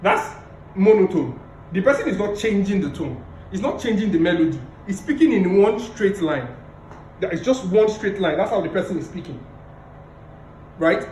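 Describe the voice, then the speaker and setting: A man giving a public speaking lecture over a video call, emphatic and repeating key phrases, deliberately playing his tone up and down. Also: sits high, expressive, darkish tone, roomy sound, slight background noise, poor audio. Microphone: video call mic.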